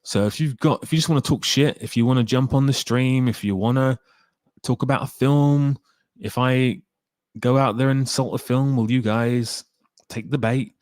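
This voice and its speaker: A man's voice: mid-range voice, moderate pace, darkish tone, no room sound, clean studio sound. A man hosting a casual live stream about films, rambling and talking straight to his chat viewers by name. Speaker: film talk live stream host.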